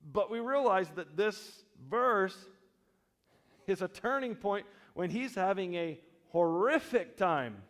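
A man preaching a sermon as pastor, switching between loud emphatic stretches and quiet, slow reflective passages, with humorous asides. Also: high-pitched, lively intonation. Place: church sanctuary. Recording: long church reverb.

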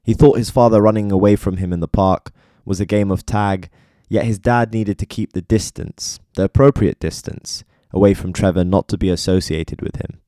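A man reading scripted biographical narration in a measured way, speaking straight to the listener. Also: lowish voice, dark tone, no echo, studio quality. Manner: measured, addresses listener directly. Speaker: documentary narrator.

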